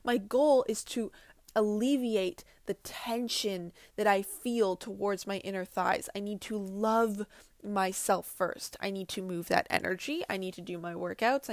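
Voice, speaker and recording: A woman's voice: medium pitch, no room sound, studio quality. Earnest woman wellness vlogger. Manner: earnest, talks directly to viewers, repeats herself. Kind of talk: casual talk to camera.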